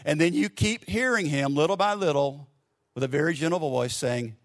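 A man preaching a sermon, telling a story in a casual, conversational way, dropping to a soft hush for gentle lines and leading a closing prayer. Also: fairly high pitch, animated, moderate pace. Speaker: pastor.

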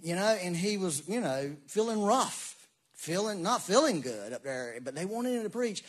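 A man, preaching a sermon in a folksy, animated way with asides and laughs. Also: high-pitched, moderate pace. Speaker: pastor.

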